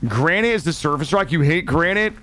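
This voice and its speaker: A man's voice: a little high, animated, a little fast, a bit bright. A man streaming a video game live, chatting to his viewers in a jokey, profane, rambling way, close on a studio microphone. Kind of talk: casual live gameplay commentary. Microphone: studio dynamic mic.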